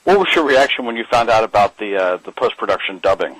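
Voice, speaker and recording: A man's voice: fairly low pitch, animated, quick pace, a bit bright, no echo, low-quality recording. A man interviewing an actress, asking short questions that prompt her to go on.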